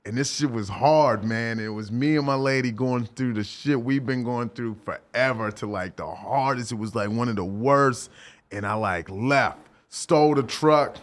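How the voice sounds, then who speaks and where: A man guesting on a podcast, talking in an animated, slangy way that swings from loud to soft. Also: medium pitch, moderate pace. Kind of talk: casual podcast chat.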